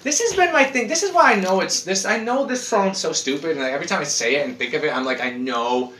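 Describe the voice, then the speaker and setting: A man in casual chat, rambling and animated, swearing as he goes. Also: high voice, fast, slight background noise. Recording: echoey room.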